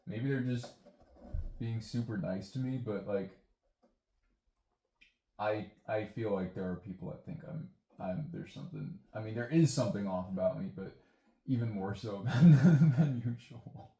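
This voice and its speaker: A man's voice: on the low side, fairly even intonation, normal speed, creaky, pauses often, mellow. A young man talking to himself in a casual, rambling, self-deprecating way while he fixes an engine, moving near and away from the camera. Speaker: vlogger. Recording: echoey room with faint noise.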